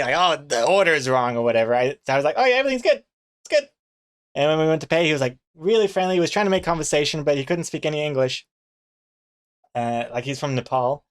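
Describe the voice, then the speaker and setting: A man's voice: fairly high pitch, smooth. A man, chatting casually on a live stream and telling rambling anecdotes with chuckles and fillers. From New Zealand.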